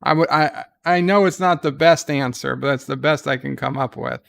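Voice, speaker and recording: A man giving casual live commentary on a TV episode, loosely recapping scenes and reading viewer chat questions aloud, thinking out loud as he answers. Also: on the high side, moderate pace, creaky, no room sound. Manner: thinks out loud with fillers and restarts.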